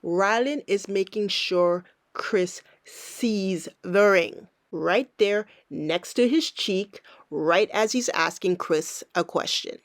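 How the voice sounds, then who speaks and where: A woman's voice: mid-range voice, slow pace, few pauses, no room sound. A woman giving sarcastic, teasing reaction commentary over video clips, recorded on a close mic. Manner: snarky, teasing.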